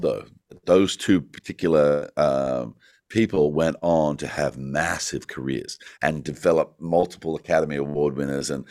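A middle-aged Australian man with a very low voice tells rambling stories as an interview guest. He leans on "you know" and breaks into laughs as he goes. He is recorded close and dry, with almost no room sound. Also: a little mellow, no room sound. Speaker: actor guest. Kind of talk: casual interview storytelling.

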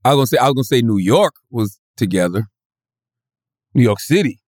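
A man's voice: medium pitch, expressive, a little fast, a little mellow, no echo, studio quality. A man co-hosting a podcast in casual, profane, laughing banter. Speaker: podcast co-host. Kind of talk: casual chat.

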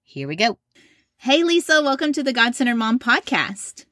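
A woman's voice: on the high side, sing-song, normal speed, sharp tone, dry recording, studio quality. A woman hosting a podcast, talking in a chatty, encouraging way. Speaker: podcast host. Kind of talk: casual podcast chat and read ad.

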